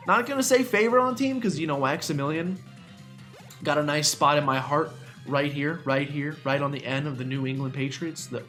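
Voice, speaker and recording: A man's voice: a little high, sharp tone. A young man commenting on a video game playthrough in a chatty, self-mocking way, often talking straight to the game. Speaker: gaming YouTuber. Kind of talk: let's play commentary.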